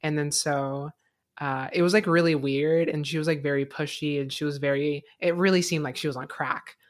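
A woman's voice: low-pitched, steady tone, normal speed. Young woman telling a rambling story. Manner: rambling storytelling, many fillers and swearing. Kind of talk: casual chat.

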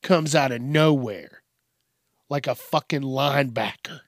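Profane rambling man, slow and dry. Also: medium pitch, no echo. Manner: profane, rambling, acts out bits in shouted voices. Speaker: podcast host. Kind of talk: casual comedic rant.

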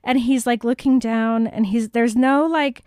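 A woman's voice: on the high side, fairly even intonation, measured pace, darkish tone, smooth, no room sound, clean studio sound. A woman co-hosting a casual chat, reacting emphatically and laughing often. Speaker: podcast co-host.

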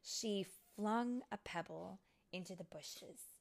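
Mom reading a storybook aloud, slow and lively in pitch, drops to whispers. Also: female voice, gravelly, breathy edge. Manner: slow, expressive, dropping to whispers. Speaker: mother reading to her child. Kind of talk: reading a picture book aloud.

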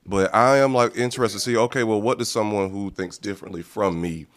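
A man's voice: lowish voice, fairly quick. A man co-hosting a podcast who talks casually and rambles, hedging his points and swearing now and then. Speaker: podcast co-host. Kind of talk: casual political chat.

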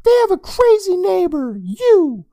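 A man voicing a grumpy, sleepy young boy who whines and snaps at his sister in a squeaky, high voice. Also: big pitch swings, a little slow, dark tone, dry recording, studio quality, exaggerated voice. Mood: annoyed. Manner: squeaky, whiny and annoyed.

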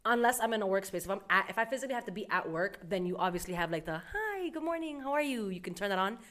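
A young woman casually telling a story, animated and profane, acting out her mother's lines. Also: mid-range voice, very fast.

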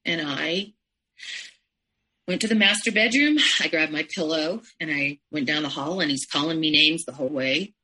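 A woman guest in an interview recounting her own story in a halting, emotional way, with restarts and frequent asides. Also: sits low, sharp tone, poor audio. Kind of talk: personal storytelling in conversation.

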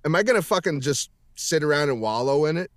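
A man's voice: fairly high pitch, expressive, fast, a bit bright, no room sound, studio quality. A man in a casual interview, talking emphatically and rambling with heavy swearing, over a video call. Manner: emphatic, profane, rambling with restarts. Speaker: voice actor guest.

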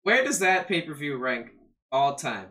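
A man's voice: fairly high pitch, big pitch swings, measured pace, sharp tone. A man co-hosting a podcast, putting questions in an emphatic, building way. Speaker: podcast co-host. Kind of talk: casual podcast chat.

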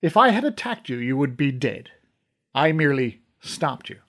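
A man's voice: medium pitch, sing-song, normal speed, fairly bright tone. A man voicing a stern male master archer who guards an armory and speaks in formal, old-fashioned courtly language. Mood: grave. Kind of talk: audiobook character reading.

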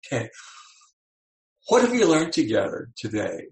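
Gravelly-voiced male motivational speaker. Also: medium pitch, a little slow, pauses often, low-quality recording. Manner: animated, acts out quoted voices. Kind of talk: motivational talk to an audience.

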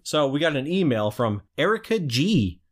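A man's voice: a little high, sing-song, moderate pace. A man co-hosting a podcast in a laid-back, rambling, casual way. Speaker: podcast co-host.

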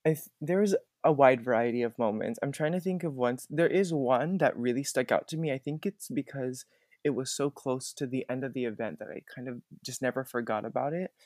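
A young man who is a podcast guest, telling his stories in an earnest, animated and grateful way. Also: medium pitch, fairly quick, no room sound, studio quality. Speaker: guest, former theme park puppeteer. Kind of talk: conversational podcast interview.

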